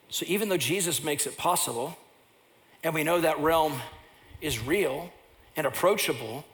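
A pastor preaching a sermon, telling personal stories, and at times rising into loud impassioned preaching. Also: male voice, a little high.

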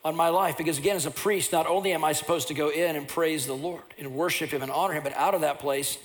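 A pastor preaching a sermon, telling personal stories, and at times rising into loud impassioned preaching. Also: male voice, on the high side, steady tone, fast.

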